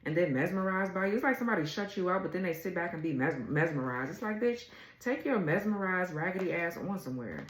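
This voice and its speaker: A woman's voice: lowish voice, animated, fast talker, reverberant, low-quality recording. A woman doing a casual tarot reading, blunt and exasperated, swearing freely as she reads the cards. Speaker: tarot reader.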